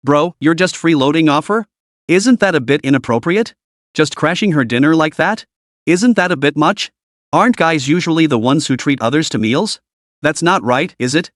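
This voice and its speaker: A cheeky teenage girl who whines and complains, as a male reader puts her on. The voice sits a bit higher and swings up and down a lot. It is recorded dry, with no room sound. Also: lively intonation, normal speed, no echo, natural voice. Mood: whiny.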